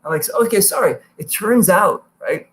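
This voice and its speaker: A man hosting a podcast, telling stories in a casual, animated way, swearing freely and jumping into high-pitched quoted voices. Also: normal speed. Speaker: podcast host. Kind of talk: casual storytelling chat.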